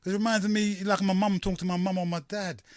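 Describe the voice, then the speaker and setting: A man from hosting a call-in radio talk show, rambling and halting with many fillers. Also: sits high, flat delivery, a little mellow, no echo, studio quality.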